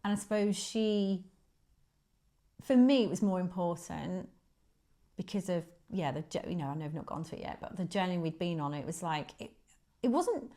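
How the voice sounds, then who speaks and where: A woman's voice: lowish voice, moderate pace. Chatty woman in her forties. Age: 40s. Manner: chatty, laughs often, voice jumps up when excited. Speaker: guest. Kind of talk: casual chat.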